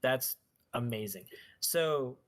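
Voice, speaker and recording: A man's voice: medium pitch, animated, slow pace, fairly bright tone. A man in a casual podcast chat, ranting bluntly and crudely. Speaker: podcast co-host.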